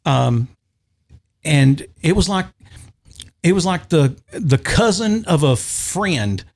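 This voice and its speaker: A man's voice: fairly high pitch, sing-song, takes it slowly, gravelly. Man telling a heartfelt story. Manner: rambling, emotional storytelling with restarts. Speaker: podcast guest. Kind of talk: casual storytelling chat.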